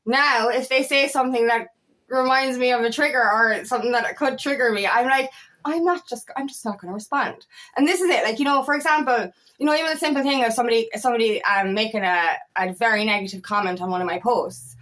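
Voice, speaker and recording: A woman coach talks quickly in a voice on the high side, a touch bright. Her casual, to-camera motivational speech for empowerment is blunt and heated, with frequent swearing and fillers such as "you know what I mean."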